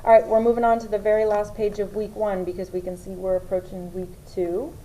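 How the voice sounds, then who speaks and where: A young woman teaching first grade, explaining summer practice steps to parents and slowly sounding out words. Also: medium pitch, level tone, dark tone, a little hiss or hum, rough recording. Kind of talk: instructional walkthrough for parents.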